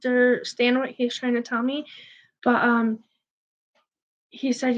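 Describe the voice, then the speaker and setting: A woman with a fairly high voice passes on messages during a live reading. She sounds earnest and slightly unsure, with frequent fillers between her thoughts. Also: level tone, a little slow. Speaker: spiritual medium.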